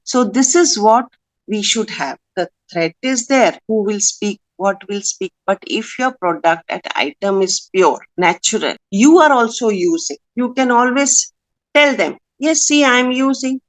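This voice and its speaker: A woman's voice: medium pitch, lively intonation, measured pace. A woman, who owns a skincare brand, giving an earnest, emphatic, persuasive talk in an online workshop over a video call.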